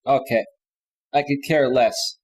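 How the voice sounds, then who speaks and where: A man's voice: mid-range voice, steady tone, slow pace, a little mellow, low-quality recording. A man hosting a live stream, reading viewer comments aloud and answering them bluntly and dismissively. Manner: blunt and dismissive, with frequent restarts.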